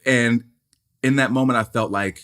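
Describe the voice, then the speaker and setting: A male stage actor with a baritone voice, talking candidly and emphatically in conversation, often repeating words as he builds a point. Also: steady tone, moderate pace, fairly bright tone.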